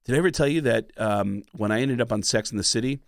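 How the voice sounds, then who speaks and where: A male comedian guest telling stories in a casual, animated way, slipping into voices as he goes. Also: mid-range voice, fast, gravelly, no echo, clean studio sound. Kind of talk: casual storytelling.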